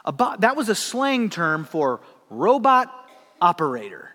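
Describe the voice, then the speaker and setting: A male pastor preaching with a fairly high voice and lively storytelling, breaking into laughing asides. His voice carries a long reverb. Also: measured pace. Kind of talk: sermon.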